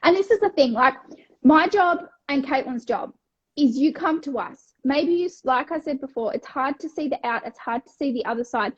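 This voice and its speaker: High-voiced, blunt Australian woman. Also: moderate pace, dull audio. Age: 30s. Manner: energetic, blunt, swears freely, acts out her own past thoughts. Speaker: wellness coach and co-host. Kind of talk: casual podcast chat.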